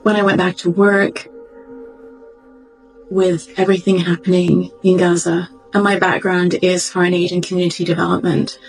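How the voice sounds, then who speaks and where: A woman doctor giving a reflective, heartfelt personal testimony, pausing and searching for words as she goes. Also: on the low side, creaky, rough recording. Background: faint background music.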